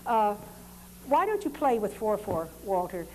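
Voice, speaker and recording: A woman leading a lecture demonstration, giving calm, polite directions to dancers and explaining as she goes. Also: mid-range voice, a little slow, a little hiss or hum. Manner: calm, instructive, polite commands.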